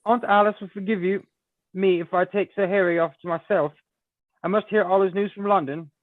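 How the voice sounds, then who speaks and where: A man reading aloud and voicing a frank, lively young heiress in a raised, brighter tone. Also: high-pitched, a little fast, no echo, voice pushed up, lightly acted. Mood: eager. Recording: tinny phone-like line, dry.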